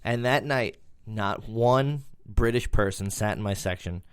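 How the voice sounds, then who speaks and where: Man, low voice, dry close mic, casual podcast banter, playful, jokey storyteller. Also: a little slow, smooth, no room sound. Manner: playful, jokey, breaks into impressions and accents. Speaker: podcast co-host. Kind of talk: casual chat.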